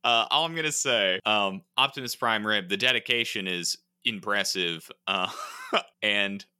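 A man's voice: lowish voice, measured pace, pushed and bright, clean tone. A man co-hosting a podcast over a video call, chatting casually with dry jokes and frequent laughter. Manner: joking, laughs often, dry asides. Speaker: podcast co-host. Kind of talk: casual chat.

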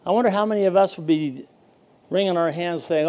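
An older male pastor preaching a sermon in a folksy storytelling way, full of pauses. His voice sits a touch high for a man, with a mellow, warm tone.

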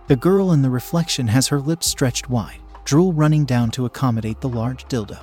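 A man calmly narrating a first-person story in an even reading voice, at times hushed. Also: mid-range voice, moderate pace, soft background music.

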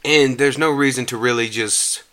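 A man, hosting a podcast and ranting casually about a movie he just saw, rambling and restarting often and climbing higher when exasperated. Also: normal speed, a bit bright. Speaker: podcast host reviewing a movie. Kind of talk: casual rant.

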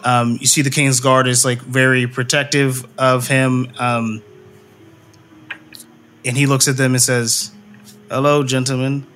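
A man running a tabletop game, narrating scenes casually with many fillers. His voice is bright and forceful, and faint music plays under it. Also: mid-range voice, level tone, unhurried, long pauses. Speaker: game master.

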